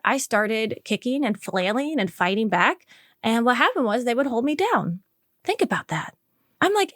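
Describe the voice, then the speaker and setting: A woman's voice: on the high side, a bit bright, dry recording, clean studio sound. A woman in her forties, a podcast host, telling a personal story in a candid, earnest, conversational way. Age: 40s.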